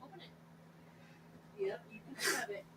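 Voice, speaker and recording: A woman's voice: high-pitched, big pitch swings, moderate pace. A woman speaking in a sing-song baby voice to her pets, heard off-mic in the room. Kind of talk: casual talk in the background. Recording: distant and echoey, with noise.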